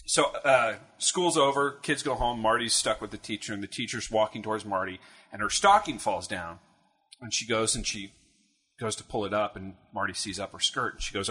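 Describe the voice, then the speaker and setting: A man co-hosting a podcast, telling a crude joke in a jokey, animated way. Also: fairly low pitch, brisk, husky. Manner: animated, jokey, slips into silly voices. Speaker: podcast co-host. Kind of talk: casual chat, telling jokes.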